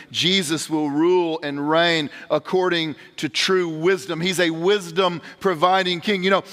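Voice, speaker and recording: A man's voice: high voice, fairly bright tone. A man pastor preaching a sermon in a large church, earnest and direct, often restarting words as he addresses the congregation. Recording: long hall reverb.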